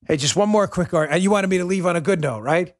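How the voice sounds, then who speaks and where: A man's voice: high-pitched, quick pace, no echo, studio quality. Heated man ranting on a podcast. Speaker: podcast host. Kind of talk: political commentary.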